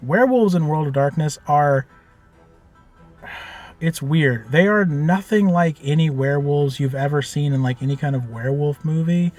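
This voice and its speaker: A man telling the story of a tabletop game he ran as game master, in a loose, animated way with lots of fillers and casual swearing. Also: a little high, moderate pace, soft background music.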